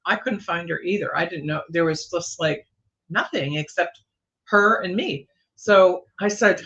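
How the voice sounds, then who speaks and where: A woman's voice: fairly low pitch, a little slow, fairly bright tone, highs cut off. A woman, a guest psychic on a livestream, telling a personal ghost story in a meandering way, with many fillers and restarts.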